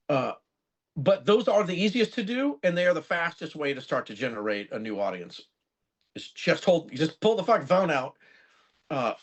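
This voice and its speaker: A man's voice: mid-range voice, vocal fry, highs cut off. A man in his fifties, a guest musician on a podcast, chatting casually and rambling through stories, swearing freely as he goes. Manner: animated, rambling storyteller who swears freely. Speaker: guest musician and record producer.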